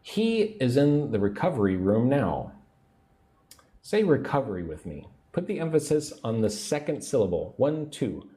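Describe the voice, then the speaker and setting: A man teaching English on a livestream, speaking slowly and patiently and repeating phrases for learners. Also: mid-range voice, big pitch swings, dark tone. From United States.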